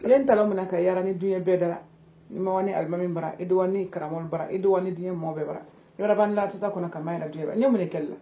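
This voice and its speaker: A man's voice: high voice, fairly even intonation, dark tone, highs cut off. A man acting as an upset family member who argues and complains in a family skit. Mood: aggrieved. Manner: pressing, complaining, rapid argument. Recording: echoey room with music.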